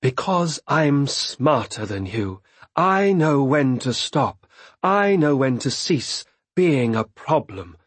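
A defiant male prisoner who taunts his captor without lowering his voice, speaking slowly and deliberately, as the narrator acts him. The voice is husky with a dry, close sound. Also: very animated, no room sound, full character voice. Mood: taunting. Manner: slow, loud, taunting. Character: defiant, mocking male prisoner with a booming laugh.

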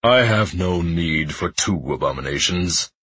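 A man's voice: sits low, expressive, unhurried, fairly bright tone, breathy edge, pitched below the performer's own voice, exaggerated voice. A man voicing a snide male demon who speaks in a stolen man's voice and mocks his captive with amusement. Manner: mocking and amused.

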